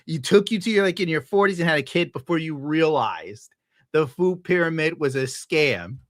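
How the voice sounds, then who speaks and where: A man's voice: on the high side, lively intonation, normal speed, no echo. Crude ranting streamer guy, dry mic. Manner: crude, sarcastic, laughs through his own jokes. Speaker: streamer reacting to clips. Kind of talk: casual profane rant.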